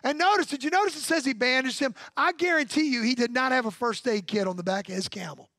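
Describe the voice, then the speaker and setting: A man's voice: very high-pitched, fast talker, bright, forceful tone, no echo. A male pastor preaching a sermon in punchy repeated phrases, drawing call-and-response from the congregation.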